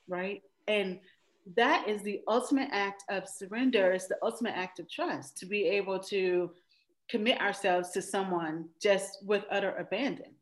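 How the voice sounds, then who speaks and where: A woman's voice: mid-range voice, normal speed, rough recording. A woman in a casual faith conversation who speaks reflectively and searches for her words, heard over a video call. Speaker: guest.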